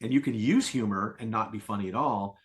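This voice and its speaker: A middle-aged man speaking as a sales coach in a podcast interview, telling stories and acting out quoted lines with lively voices. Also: on the low side, a little fast. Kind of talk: conversational interview.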